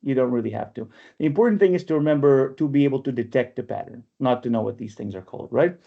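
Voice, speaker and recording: Heard over lo-fi video call audio, a man with a creaky, medium-pitched voice talks at a quick pace. He's the instructor of an online poetry workshop, laying out his points step by step and frequently asking "right?"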